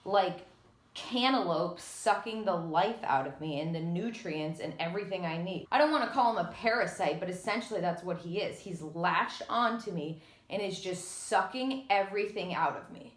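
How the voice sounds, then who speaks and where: A woman's voice: on the low side, expressive, moderate pace. A young pregnant woman in her twenties, out of breath, ranting in a dramatic, sarcastic casual vlog. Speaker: vlogger. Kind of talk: candid casual vlog rant. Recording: echoey room.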